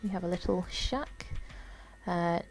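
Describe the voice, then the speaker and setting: A tired woman giving casual, rambling commentary while walking through a game, often unsure and filling pauses. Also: fairly low pitch, soft background music. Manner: rambling, unsure, lots of fillers. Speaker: gamer.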